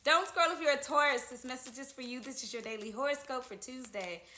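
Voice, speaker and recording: A woman's voice: high-pitched, fairly quick, sharp tone. Chatty woman reading tarot, echoey room. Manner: chatty, keeps adding "okay?" to her lines. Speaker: tarot reader. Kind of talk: casual tarot horoscope reading.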